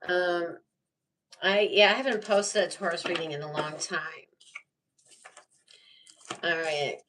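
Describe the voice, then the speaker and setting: A woman's voice: lowish voice, takes it slowly, distant mic, noisy background. A woman giving a casual live tarot reading, rambling and chatty with lots of fillers and frequent laughs. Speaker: tarot reader.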